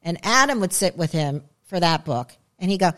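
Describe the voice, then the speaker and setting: A woman's voice: lowish voice, animated, moderate pace, fairly bright tone. A woman co-hosting a casual chat podcast, telling stories animatedly and laughing often. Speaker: podcast co-host.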